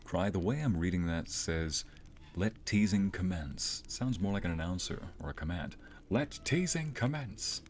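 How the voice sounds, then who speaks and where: A man's voice: low voice, moderate pace, darkish tone, a little hiss or hum. A man streaming a video game, chatting casually with viewers, reading their messages aloud and joking around. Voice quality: playful, chatty, reads chat aloud and jokes. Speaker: streamer and narrator. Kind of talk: casual live-stream commentary. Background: game music.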